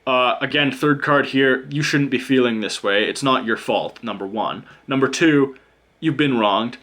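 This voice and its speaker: A man's voice: mid-range voice, a little slow, a bit bright. A man giving a casual pick-a-card tarot reading. He speaks straight to the viewer in a blunt, joking way, swears freely and drops in mock-sarcastic asides. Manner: talks straight to the viewer as "you". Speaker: tarot reader.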